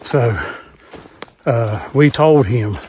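A man's voice: medium pitch, drawn-out words, a little mellow, a little hiss or hum. A man hosting an outdoor vlog, talking earnestly into a handheld cell phone while hiking a wooded mountain. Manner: earnest, talks while hiking, repeats safety advice. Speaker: channel host.

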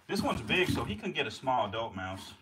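A snake-keeper vlogger feeds his snakes while talking casually to a handheld camera that he sometimes sets down. His mid-range voice is sing-song, brisk, bright, and forceful with a breathy edge. He curses, jokes, laughs at himself, and talks to the snakes and mice as he works.

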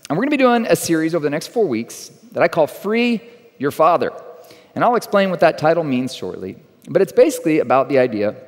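Joking pastor in a reverberant church. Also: male voice, on the high side. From Texas. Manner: conversational, joking, animated. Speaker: guest teaching pastor. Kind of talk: sermon with humorous storytelling. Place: church sanctuary.

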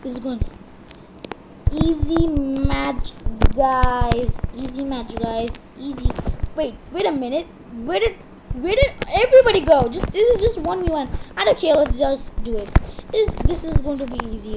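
A woman hosting her own gaming channel, giving excitable live commentary on a match and repeating phrases in sudden bursts. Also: high-pitched, unhurried, heavy background noise.

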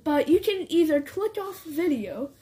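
A young woman co-hosting a gameplay video, teasing her partner with deadpan jokes. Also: high-pitched, normal speed. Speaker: co-host. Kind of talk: joking casual chat.

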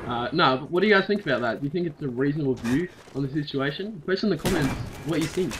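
Young aussie guy, kinda high voice, doing a fake-serious rant, gunfire going off in the game behind him. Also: expressive, quick pace, noisy background. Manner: mock-serious rant, barely holding back laughter. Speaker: gaming channel host. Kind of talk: casual gameplay commentary. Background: video game gunshots and clicks.

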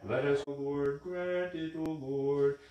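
A man intones evening prayers in one steady, near-unchanging line, his voice sitting a little high for a man. The sound rings through a very echoey church, with every phrase trailing off into the room. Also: slow, highs cut off, a little hiss or hum. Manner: intoning in an even monotone. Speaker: reader leading vespers. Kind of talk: chanted liturgical reading.

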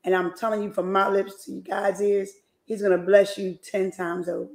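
A woman's voice: medium pitch, flat delivery, moderate pace, darkish tone. A woman hosting an interview show, effusive and gushing with praise. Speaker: show host. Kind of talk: casual interview chat. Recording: echoey room.

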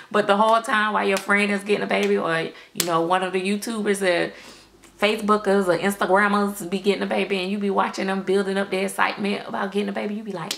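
A woman's voice: mid-range voice, steady tone, fairly quick, creaky, a bit bright. A woman chatting candidly to her viewers, acting out the reactions she quotes. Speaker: doll collector vlogger. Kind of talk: casual chat to viewers.

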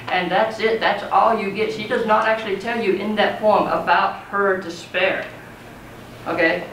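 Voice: medium pitch, fairly even intonation, moderate pace, fairly bright tone. Poetry teacher, chatty lecture style, distant mic in a reverberant classroom. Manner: conversational, checks in with students. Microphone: far from speaker. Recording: roomy classroom, mic far off, faint noise.

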